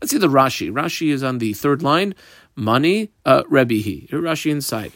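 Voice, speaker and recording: A man's voice: mid-range voice, expressive, moderate pace, fairly bright tone, dry recording, studio quality. A man teaching a daily Talmud class, reading Aramaic text aloud and translating it as he goes, with frequent fillers, while describing the underlines and marks on his page. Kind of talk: daf yomi Talmud class.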